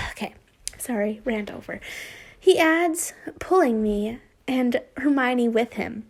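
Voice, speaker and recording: Woman, casual fan fiction reading, giggly, rambling, slow pace, higher voice. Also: fairly bright tone. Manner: chatty, giggly, rambling asides.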